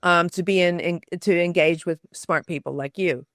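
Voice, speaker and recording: A woman guest on an interview podcast, answering thoughtfully, pausing on many fillers and restarts. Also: on the low side, fairly bright tone, no room sound, studio quality. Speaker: podcast guest, storytelling author. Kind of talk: conversational interview.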